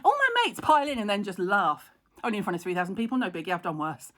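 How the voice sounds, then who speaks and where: A woman's voice: mid-range voice, sing-song, fast talker. A middle-aged woman hosting a live stream, chatting frankly, laughing at herself and answering viewer comments. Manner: chatty, frank and self-mocking, laughs a lot. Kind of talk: casual live-stream chat.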